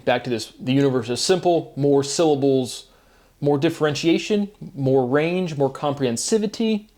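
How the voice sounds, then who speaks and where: A man of medium pitch talks alone in a rambling, free-associating monologue. He strings words together by sound, poses rhetorical questions, and keeps checking in with a quick "right?". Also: darkish tone. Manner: musing, free-associating wordplay, asks himself rhetorical questions; often tags lines with "right?" and chuckles at himself. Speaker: solo video monologue host.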